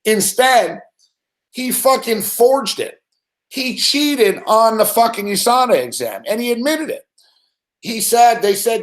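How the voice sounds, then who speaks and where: A man's voice: high-pitched, normal speed. Profane ranting man in an echoey room. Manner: profane, animated storytelling with mocking quoted voices. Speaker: sports betting show host. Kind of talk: ranting casual commentary.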